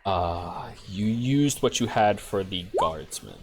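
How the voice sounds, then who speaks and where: A man narrating a tabletop game as game master, in a relaxed storytelling manner. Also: lowish voice, takes it slowly, music in the background.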